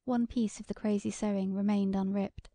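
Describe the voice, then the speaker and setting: A woman narrating a short story as an audiobook reader, in a measured, even delivery. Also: medium pitch, no echo. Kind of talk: scripted narration.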